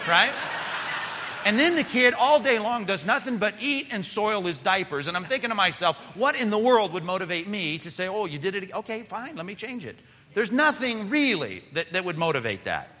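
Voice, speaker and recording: A middle-aged pastor preaches with a bright, forceful edge and a voice pitched a little high. He keeps it conversational and animated, acting out little asides. His words ring out with a long reverb, as in a church sanctuary. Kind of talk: sermon.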